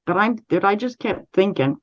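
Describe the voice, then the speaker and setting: Canadian woman telling a story over lo-fi audio. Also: mid-range voice. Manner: measured and steady, with frequent restarts. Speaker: interview guest. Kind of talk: recounting a personal story.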